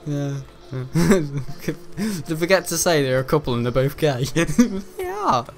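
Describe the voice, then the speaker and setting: A man's voice: on the high side, very animated, takes it slowly. A man chatting casually while streaming a game, rambling and joking and laughing often. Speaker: gaming streamer. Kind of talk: casual livestream chat while gaming.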